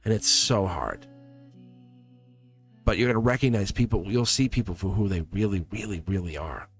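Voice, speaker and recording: A man's voice: fairly low pitch, normal speed, soft background music. A man giving live-stream tarot readings to viewers in a rambling, earnest way, often restarting his sentences and getting emotional.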